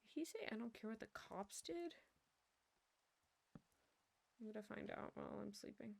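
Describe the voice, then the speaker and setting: A young woman streams and talks casually, wandering from one story to the next and laughing at herself as she goes. Her voice sits at an ordinary middle pitch for a woman. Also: animated, moderate pace, creaky. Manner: rambling, self-amused storytelling with frequent laughs.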